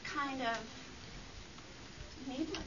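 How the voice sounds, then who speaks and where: Slow hesitant woman heard from afar. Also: sits high. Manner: hesitant, full of fillers. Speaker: class member. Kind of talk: group discussion comment. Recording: distant, lo-fi, noisy room mic.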